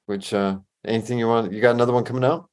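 A man hosting a podcast interview, firing off quick questions and answering with short, easy reactions. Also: mid-range voice, fairly even intonation, darkish tone. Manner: easygoing and affirming, with short reactions. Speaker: podcast host.

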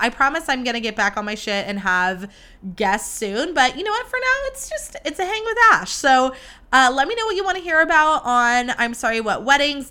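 Bright, animated young woman podcast host. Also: on the high side, clear, resonant tone. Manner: animated, gushing, dramatic, talks to listeners directly. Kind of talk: solo casual podcast chat.

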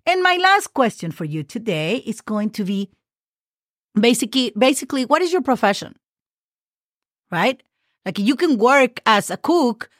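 A woman's voice: fairly high pitch, dry recording, clean studio sound. Patient woman teaching a language lesson. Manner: patient, spells words letter by letter; frequent "okay?" check-ins. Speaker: Spanish teacher.

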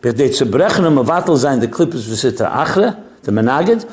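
A man teaching a Chasidic text class, reading out Hebrew passages and explaining them in English with Yiddish phrases mixed in, his voice jumping up whenever he drives a point home. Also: a little fast. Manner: animated, pitch jumps up when making a point. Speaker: Torah teacher.

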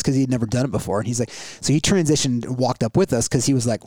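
A man in his thirties casually retelling an adventure story in a rambling, animated way, full of restarts. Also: medium pitch, quick pace, few pauses, no room sound. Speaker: guest telling a story.

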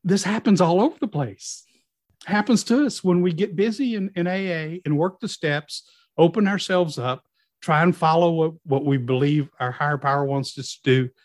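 A man's voice: fairly high pitch, normal speed, no echo. Middle-aged male guest; vivid personal storytelling, quotes others in voice; dead-dry mic. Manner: lively storyteller, acting out quoted dialogue. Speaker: guest in recovery.

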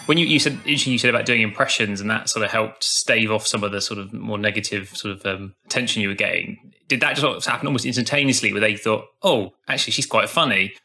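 Fast, bright-voiced male podcast host. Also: fairly low pitch. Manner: rambling questions with many "sort of" hedges. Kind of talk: interview questions.

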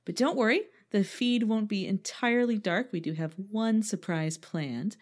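A woman's voice: mid-range voice, normal speed. A woman co-hosting a podcast, reading from a script with playful, self-mocking asides and frequent laughter. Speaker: podcast co-host.

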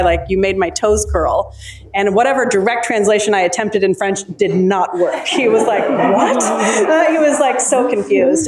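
A woman, an author, chatting with a live audience at her book launch, often pausing with ums and restarting her sentences. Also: medium pitch, a little hiss or hum. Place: live event before an audience.

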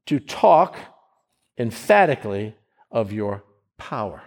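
A male pastor from the United States delivers a sermon in a conversational, down-to-earth way. He drags out key phrases slowly, then rushes through asides. His voice sits a little high for a man. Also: expressive, darkish tone. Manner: conversational preaching, swinging from slow emphasis to quick asides.

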